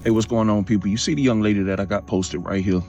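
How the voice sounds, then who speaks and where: A man's voice: fairly low pitch, fairly even intonation, fast talker, a little mellow. A man casually chatting to viewers in a reaction video clip.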